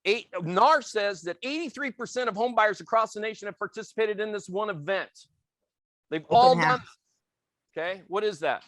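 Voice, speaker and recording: An animated real estate trainer with Italian family roots runs a training session, firing questions at the room and briefly voicing the customers he quotes. He's intense and passionate, and his high, bright, cutting voice comes through close on a dry recording.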